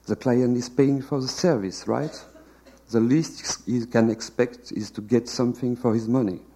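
A man's voice: mid-range voice, steady tone, moderate pace, dark tone, husky. A man reading the lines of a brusque male detective agency chief with a curt, bossy manner. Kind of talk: literary reading of a novel translation.

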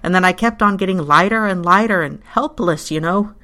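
A reader voicing a fat middle-aged gentleman who wheezes and pleads in high, loud, drawn-out bursts. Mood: flustered.

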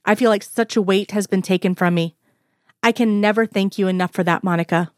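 A woman voicing a gentle, grateful middle-aged man who speaks softly and tenderly to his lover, in an audio story. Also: medium pitch, fairly even intonation, a little fast, no room sound, clean studio sound, close to an everyday voice. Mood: earnest.

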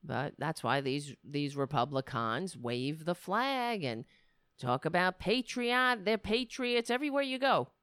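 A woman commentator ranting with scorn and biting sarcasm. Her pitch rises and falls widely as she presses each point, and she takes her time. The sound is close and dry. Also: fairly bright tone, no room sound. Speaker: political commentator. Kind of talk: angry commentary rant.

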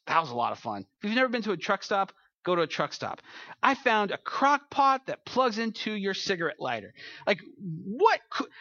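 A man's voice: high-pitched, pushed and bright, dry recording, dull audio. A man preaching a sermon, telling funny road-trip stories in a chatty, joking way before turning to scripture. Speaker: pastor.

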